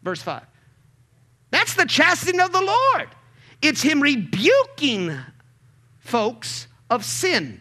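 A man preaching a sermon as pastor, calling out to the congregation and building to emphatic shouts. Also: very high-pitched, wildly swooping pitch, slow, long pauses. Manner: call-and-response preaching, swells to emphatic shouts.

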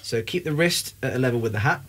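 A man's voice: mid-range voice, lively intonation, quick pace, fairly bright tone, slight background noise. A young man giving a casual, upbeat drum lesson, talking between demonstrations at the kit. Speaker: drum teacher. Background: drum kit playing.

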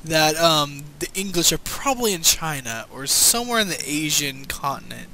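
A teenage man co-hosting a game let's play in casual chat, excitable and casually swearing. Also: fairly high pitch, moderate pace, vocal fry, slight background noise, poor audio. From United States. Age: teens.

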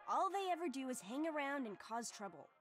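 A fed-up teenage girl who complains with exasperation in a video game. Her voice sits high and moves a lot, with faint music underneath. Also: very animated, fairly quick. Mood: exasperated.

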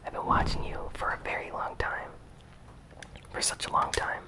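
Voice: normal speed, close to an everyday voice, rough recording. A whisperer reading aloud a clingy, moody young alien woman from a game, in whispered role-play. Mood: cooing. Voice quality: soft unvoiced whisper.

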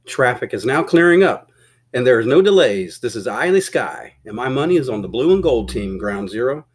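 A man doing a brisk radio traffic announcer. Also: mid-range voice, very animated, breathy edge. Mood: announcing.

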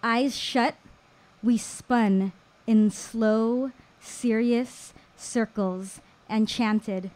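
A woman in her thirties telling a personal story live on stage at a small venue, slow and deliberate with dramatic pauses. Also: a little high, steady tone, darkish tone. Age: 30s.

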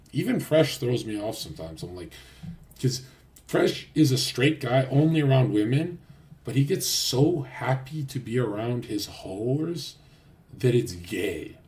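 A man's voice: mid-range voice, a little mellow. Guy ranting on his stream, cocky and crude, cusses nonstop, loses his thread and restarts. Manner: crude, boastful, heavy swearing; rambling, loose, trails off and restarts. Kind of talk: casual livestream rant.

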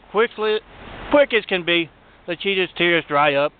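A man telling a comic story in an animated way and acting out the characters, heard over a tinny phone-like line. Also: high voice, normal speed. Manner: animated, does voices. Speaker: joke teller. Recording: tinny phone-like sound, faint noise.

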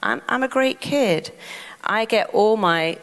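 An English woman, a therapist, giving a motivational talk and acting out the mind's voice in lively asides. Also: mid-range voice, slow, long reverb tail. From England. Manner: animated, acts out the mind talking back. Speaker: therapist and self-help speaker.

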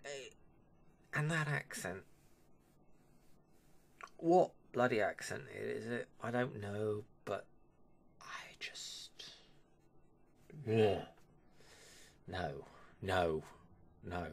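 A man's voice: mid-range voice, vocal fry. A man giving his opinion in a casual vlog, grumbling and dismissive, trailing off with sighs. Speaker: vlogger.

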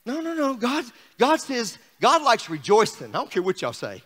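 A man's voice: very high voice, wildly swooping pitch, normal speed, sharp tone, husky, in a large hall. A man preaching an exuberant, joking sermon to his congregation in a church. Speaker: pastor. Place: church sanctuary.

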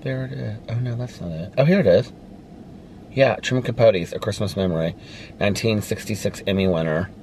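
A man's voice: fairly low pitch, brisk, a little mellow, slight background noise. A man with an American Midwest accent chatting casually to his viewers from a parked car, rambling and friendly. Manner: chatty, rambling, addresses viewers as you guys. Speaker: vlogger. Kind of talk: casual vlog chat.

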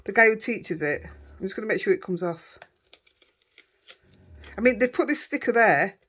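A middle-aged Yorkshire woman vlogs while crafting at home, chatting casually, rambling and thinking aloud as she pokes fun at herself. Her husky voice sits at medium pitch with lively intonation, a moderate pace and a fairly bright tone.

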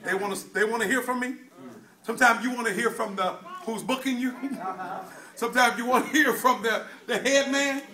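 Male preacher, high and bright, fiery call-and-response delivery. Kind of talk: sermon.

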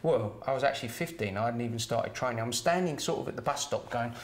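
A man's voice: medium pitch, fast talker. A middle-aged man from Kent, chatting as a former doorman who tells anecdotes and adds "right?" tags and chuckles. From Kent, England. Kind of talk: casual anecdote telling.

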